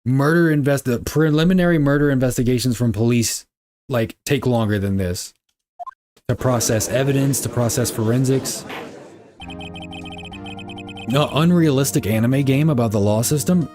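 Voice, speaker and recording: A man's voice: mid-range voice, moderate pace, long pauses, a little mellow, faint music behind. A young man giving casual, crude, joking gameplay commentary as a streamer. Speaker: game streamer.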